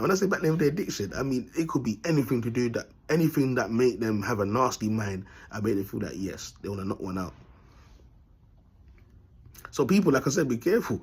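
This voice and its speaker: Husky man rambling bluntly. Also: mid-range voice, darkish tone. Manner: rambling and blunt, heavy street slang, laughs often. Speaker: vlogger. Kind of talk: casual monologue to camera.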